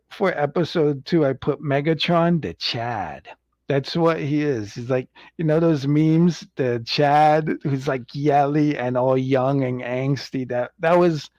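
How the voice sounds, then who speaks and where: A man hosts a casual livestream reviewing an animated series, his medium-pitched voice a little mellow. He rambles, chuckles often, and acts out quotes. The sound is dull, lo-fi, and dry.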